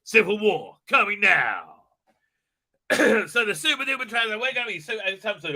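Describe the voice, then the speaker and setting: A man's voice: high-pitched, big pitch swings, normal speed, pushed and bright. A man hosting his live stream, rambling and stammering through crude jokes and mocking voices in casual chat. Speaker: livestream host.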